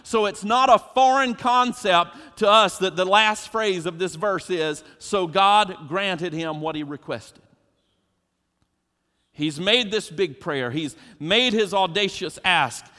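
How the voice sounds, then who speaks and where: A man's voice: high voice, bright, forceful tone. A man preaching a sermon as pastor, emphatic and preacherly, putting questions to his congregation. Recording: long hall reverb.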